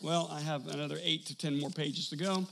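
A man preaching a storytelling sermon to a live congregation, animated, acting out dialogue and building to bursts of laughter and shouting. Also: on the high side, a little fast, creaky, background noise. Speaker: pastor. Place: church service before a congregation.

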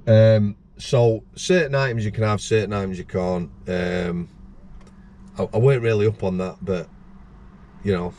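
A man's voice: on the low side, normal speed, dark tone, a little hiss or hum. A middle-aged man, a former prison officer and the show's host, telling rambling anecdotes with frequent restarts and acting out other people's voices. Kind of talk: casual storytelling chat.

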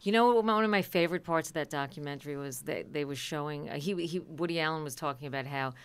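A woman comedian, a guest on a radio talk show, recounting a scene with lively storytelling. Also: low voice, fast talker, smooth. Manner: animated storyteller.

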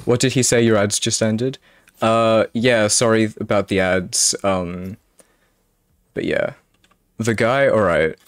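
A man's voice: fairly low pitch, fairly even intonation, takes it slowly, clear, resonant tone, no echo, clean studio sound. A male streamer chatting casually with his viewers, rambling and apologizing a lot. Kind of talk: casual live-stream chat.

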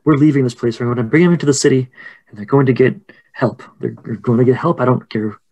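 A man's voice: medium pitch, quick pace, darkish tone, natural voice. A man voicing a distraught mother who pleads and scolds in a panic during a tabletop horror game. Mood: frantic. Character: frantic distraught mother, adult woman.

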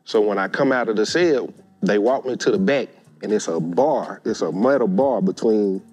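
A man's voice: on the low side, moderate pace, husky, faint music behind. A man, telling a story casually and acting out the voices of the people in it. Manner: animated, acts out quoted voices. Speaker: guest storyteller.

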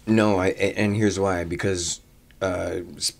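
A restaurant owner appearing as a guest recounts long personal stories in a low, creaky voice, delivered flat and a little slow. He swears casually and keeps stumbling into "uh" fillers and restarts as he talks.

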